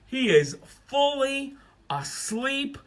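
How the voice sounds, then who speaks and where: A man narrating a children's story as a storyteller, in an animated, expressive way. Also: extremely high pitch, very slow.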